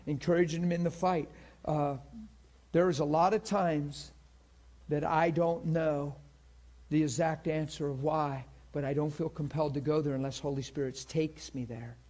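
A middle-aged man teaching a class on healing in a loose, animated sermon style, acting out the people he quotes. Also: a little high. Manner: animated storytelling, acts out quotes in voices.

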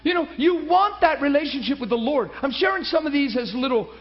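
High-voiced emphatic preacher man, lo-fi. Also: a little fast. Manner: animated and emphatic, swings between loud and hushed. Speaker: preacher teaching a class. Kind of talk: personal testimony in a sermon. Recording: dull lo-fi recording.

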